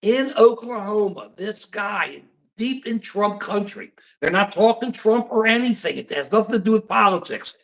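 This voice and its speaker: Man, older, american, talk show host, high-pitched, animated, rambling. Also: normal speed, vocal fry, low-quality recording. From United States. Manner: animated, rambling, acts out dialogue. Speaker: podcast host. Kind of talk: casual political talk show.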